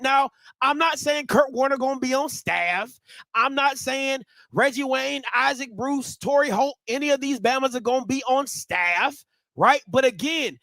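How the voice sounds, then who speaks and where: A man hosting a sports talk show with a Baltimore accent, speaking in quick, emphatic bursts and sometimes shouting. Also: very high-pitched, no room sound. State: out of breath. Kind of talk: excited sports commentary with call-ins.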